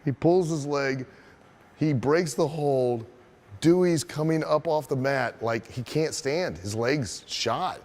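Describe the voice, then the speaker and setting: A man who is a wrestling trainer telling a story as a lesson, profane and animated, asking his listeners rhetorical questions. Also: fairly high pitch, slow pace.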